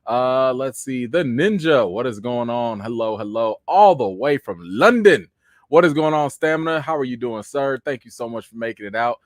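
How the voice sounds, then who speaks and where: A man hosting a casual live stream, giving quick shout-outs to viewers and rising into high, exasperated rants. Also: animated, no room sound, studio quality. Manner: rises into high, exasperated ranting.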